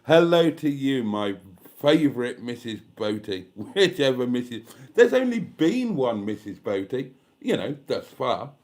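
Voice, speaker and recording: A British man hosts a casual YouTube live stream from home, reading viewer comments aloud in a chatty, self-mocking, camp manner. His mid-range voice has a darkish tone and swings widely in pitch at an unhurried pace.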